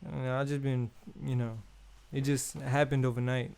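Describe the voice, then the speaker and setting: Laid-back Bay guy hosting an unboxing, smooth and resonant, loose slangy chat. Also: mid-range voice, little pitch movement, moderate pace, darkish tone. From Oakland, California. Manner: laid-back, slangy, keeps repeating "you feel me". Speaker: unboxing host.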